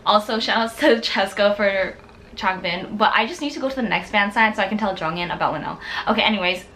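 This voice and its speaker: A young woman from the United States, telling a story in a casual vlog, excitable and gushing, with lots of "like.". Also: mid-range voice, a little fast, a little hiss or hum. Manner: excitable, gushing, heavy use of "like". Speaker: vlogger.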